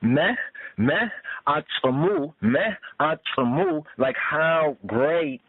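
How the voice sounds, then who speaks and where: A man's voice: a little high, slow pace, husky, dry recording. A man teaching scripture in a podcast sermon, thinking aloud and repeating words as he explains them. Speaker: Bible teacher. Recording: dry, tinny phone-like sound.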